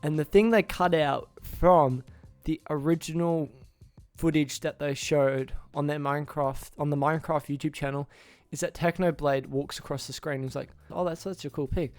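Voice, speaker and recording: Young-sounding male reviewer, slightly high voice, loose rambling recap over faint music. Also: steady tone, normal speed, no echo. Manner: rambling, restarts names, acts out character lines. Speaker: YouTuber reviewing a film. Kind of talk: casual film plot recap.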